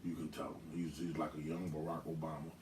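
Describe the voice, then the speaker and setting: A man's voice: extremely low pitch, flat delivery, fast, darkish tone, echoey room, distant mic, slight background noise. A man co-hosting a casual talk show, teasing and slangy, with plenty of profanity. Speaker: co-host. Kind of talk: casual chat.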